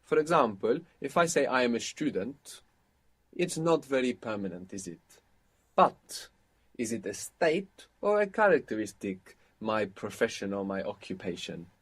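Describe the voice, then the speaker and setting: A man with a slightly husky voice gives a spoken language lesson. He explains points patiently and prompts his learner to answer and repeat. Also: mid-range voice, big pitch swings, normal speed. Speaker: language teacher.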